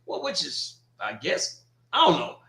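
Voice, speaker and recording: A man's voice: a little high, huge pitch swings, a little slow, pushed and bright, echoey room. A man co-hosting a casual sports chat, joking and laid-back, often restarting his sentences. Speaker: co-host.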